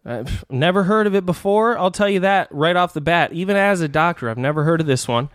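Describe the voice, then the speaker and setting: A man with a fairly high voice rambles through a comedy bit, playing a doctor and reading out strange diagnoses. He laughs and restarts his sentences often. The sound is dry and close. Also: animated, fairly quick, a bit bright, clean tone, no room sound. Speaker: comedy podcast host.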